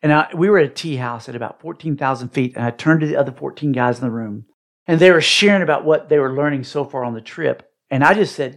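A man's voice: mid-range voice, fast talker. A middle-aged man telling an emotional personal story as a podcast guest, acting out what people said with dramatic swings. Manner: animated, dramatic re-enacting of quotes.

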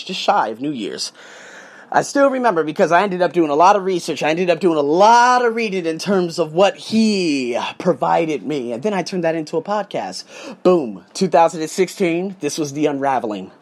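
Animated, swearing male vlogger. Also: on the high side, brisk. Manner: emphatic, swearing storyteller. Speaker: vlogger, English teacher. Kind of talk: casual vlog monologue. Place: condo room, indoors.

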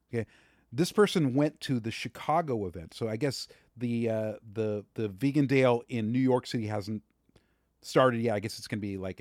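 A man's voice: mid-range voice, no echo, studio quality. A man co-hosting a podcast, arguing his point passionately and raising his voice in a heated debate. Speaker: podcast co-host.

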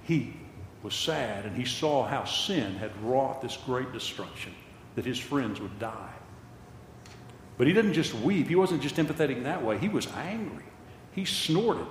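Older male preacher, impassioned sermon, lively rise and fall, big echoey hall with a long tail. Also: medium pitch, slight background noise. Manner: impassioned, repeats phrases for emphasis.

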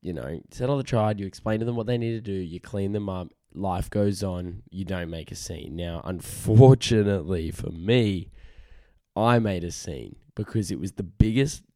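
A man's voice: sits low, normal speed, dark tone, no room sound, studio quality. A tired man hosting a casual solo podcast, rambling, frank and self-deprecating, swearing freely. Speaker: podcast host.

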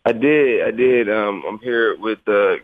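A man with a sleepy morning voice, chatting casually as a guest over the phone, relaxed and repeating his words. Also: on the low side, a little slow, no room sound. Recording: muffled phone line.

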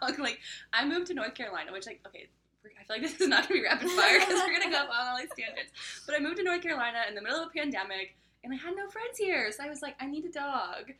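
Bright-voiced chatty young woman. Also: sits high, very animated. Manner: chatty, heavy use of "like", quick laughs. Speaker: podcast co-host. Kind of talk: casual chat.

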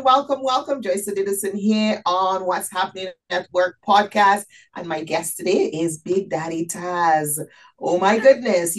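A woman in her fifties hosting a podcast interview. She sounds upbeat and welcoming and laughs easily, with a voice a little lower than most women's. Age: 50s. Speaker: podcast host.

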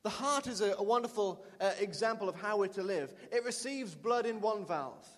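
Pastor, male, high-pitched, emphatic repeater, preaching in a reverberant church hall. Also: animated, moderate pace. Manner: emphatic, repeats lines for the congregation. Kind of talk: sermon. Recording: long reverb of a large hall.

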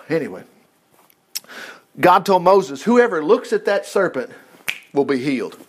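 A man teaching from the Bible in an informal sermon, reading verses aloud and breaking in with excited asides. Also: sits high, moderate pace. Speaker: preacher.

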